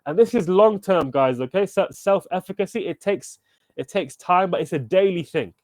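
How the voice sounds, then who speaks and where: A man coaching a live online workshop, energetic and encouraging, calling on participants by name and checking in with "okay?" and "right?" as he talks over a computer mic. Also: high voice, moderate pace, no room sound.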